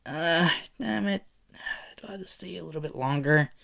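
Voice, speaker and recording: A man's voice: fairly high pitch, normal speed, vocal fry, fairly bright tone, voice pushed up. A man voicing a cocky, teasing teenage boy hero in a casual, drawling way with lots of fillers.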